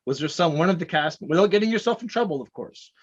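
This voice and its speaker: A man's voice: on the high side, animated, fast, slightly rough. Eager male host on a dull lo-fi line. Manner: eager, laughing, chatty questioning. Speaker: podcast host. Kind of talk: casual interview questions. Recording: dull lo-fi recording.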